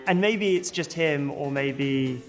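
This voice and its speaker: A woman's voice: sits low, slow pace, soft background music. A woman from the UK explaining slang in a chatty, teasing way. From United Kingdom.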